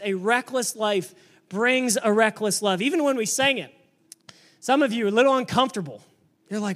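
A man preaching a sermon to a church congregation, energetic and emphatic, sometimes building up to shouting. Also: very high-pitched. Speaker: pastor.

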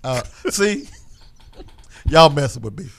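A man co-hosting a talk show, ranting in exasperation and rising to near-shouts. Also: a little high, big pitch swings, slow, creaky. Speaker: co-host. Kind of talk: heated casual chat.

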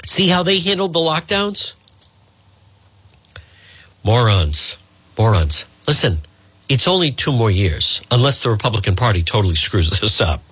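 A man's voice: mid-range voice, brisk, pushed and bright, husky, dry recording. A man hosting talk radio, delivering a combative, exasperated monologue full of rhetorical questions into a studio microphone. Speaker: radio talk show host.

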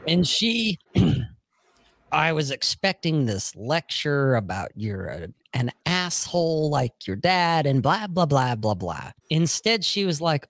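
A man with a fairly high, very lively voice tells a story slowly in a casual podcast chat. He talks bluntly and swears freely, stopping often to ask "okay?". The sound is dry and close. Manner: blunt, profane storytelling with frequent "okay?" check-ins.

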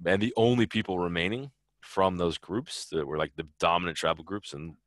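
A man's voice: sits low, fairly quick, no room sound, clean studio sound. A man answering interview questions in a loose, rambling way, full of fillers and restarts. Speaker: interview guest, traveler. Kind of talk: casual conversational interview.

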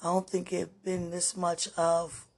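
A woman giving an emotional, prayerful spiritual monologue on a podcast, repeating phrases and often dropping to hushed murmurs. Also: lowish voice, completely flat delivery, a little slow, husky. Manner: repeats phrases, many fillers.

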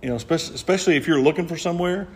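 A man's voice: a little high, rapid-fire, darkish tone. A man, hosting a podcast in a jokey, rambling way with many restarts. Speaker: podcast host. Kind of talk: casual podcast chat. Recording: roomy reverb.

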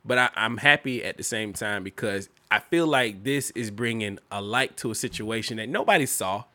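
A man's voice: fairly low pitch, normal speed, pushed and bright. A man co-hosting a podcast in casual chat, laughing often and swearing. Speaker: podcast co-host.

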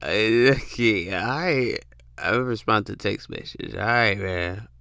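A man's voice: fairly low pitch, slow pace, creaky, bright, forceful tone, dry recording, studio quality. A young man ranting in a blunt, profane, slangy monologue, repeating himself for emphasis. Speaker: podcast host. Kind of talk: casual monologue rant.

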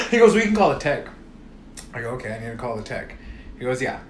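A man's voice: medium pitch, very animated, fairly quick, a bit bright, reverberant, slight background noise. A man telling a long story in casual chat, swearing freely and acting out both sides of phone calls. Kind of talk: casual storytelling among friends.

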